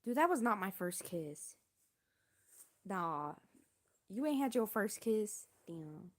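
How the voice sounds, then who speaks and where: A woman's voice: mid-range voice, big pitch swings, takes it slowly. A young woman streamer telling a story in a casual, rambling, self-deprecating way, full of slang.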